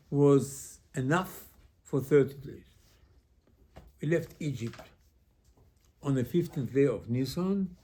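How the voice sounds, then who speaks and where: Male rabbi, conversational Torah teacher, warm mellow tone, halting phrasing. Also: medium pitch, breathy edge. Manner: conversational, asks rhetorical questions. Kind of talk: informal Torah class.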